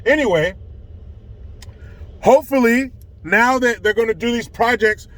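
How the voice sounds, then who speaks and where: A man's voice: very high-pitched, unhurried, fairly bright tone. A man giving a sarcastic, profane rant as a vlogger. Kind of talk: ranting commentary. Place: California.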